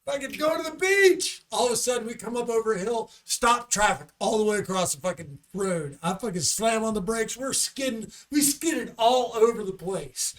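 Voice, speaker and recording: A man with a strikingly high voice tells a profane comic story in a podcast studio. He rants with energy and swears all the time. Now and then he mimics a shouting judge. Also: moderate pace, few pauses. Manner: animated ranting, swears constantly, mimics angry judges. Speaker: comedian guest.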